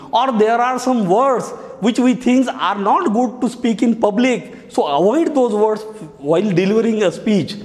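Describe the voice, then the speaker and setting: Man teaching, high lively voice. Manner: explains step by step, repeating key phrases. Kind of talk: classroom lesson on speech writing. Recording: echoey hall.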